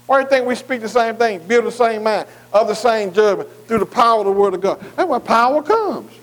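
High-pitched male preacher, call-and-response sermon, keeps asking "am I right", reads verses slowly. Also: expressive, fairly bright tone, poor audio. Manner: repeatedly asks "am I right?"; reads scripture slowly and deliberately.

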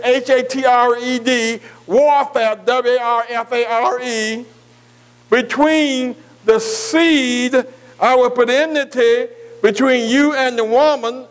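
A man preaching a sermon, who keeps asking his listeners "am I right?" and slowly spells out key words letter by letter. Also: extremely high pitch, rough recording. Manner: asks the congregation "am I right?" again and again.

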